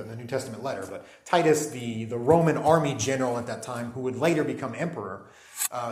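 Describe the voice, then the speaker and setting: A man preaching a sermon in a relaxed, conversational way, with many fillers and restarts, often asking his listeners to agree. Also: medium pitch. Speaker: pastor. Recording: echoey hall.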